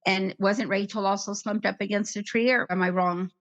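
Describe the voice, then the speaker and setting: A woman's voice: medium pitch, steady tone, normal speed. A woman in her fifties, an interview guest, recalling a painful past in a rambling way that jumps from one memory to the next. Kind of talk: emotional personal recollection.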